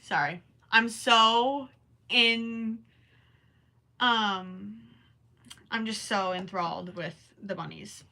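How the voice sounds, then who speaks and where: A woman's voice: mid-range voice, drawn-out words, gravelly, long pauses, sharp tone. A young woman chatting casually on a crochet livestream, reading and answering viewers as she works. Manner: chatty and distracted, often stops to count stitches under her breath.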